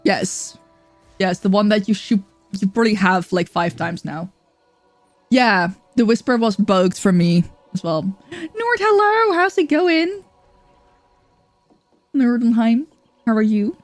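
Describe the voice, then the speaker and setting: A woman's voice: medium pitch, unhurried, a little mellow, no room sound, faint music behind. A woman streaming a game, chatting casually with viewers by name and cooing at her cat from her computer chair. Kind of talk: casual live-stream chat.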